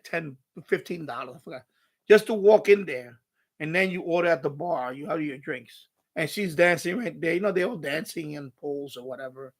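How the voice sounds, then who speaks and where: A man hosting a live stream, telling a casual story with lots of swearing and laughter. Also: sits high. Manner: animated, swears often, laughs through the story.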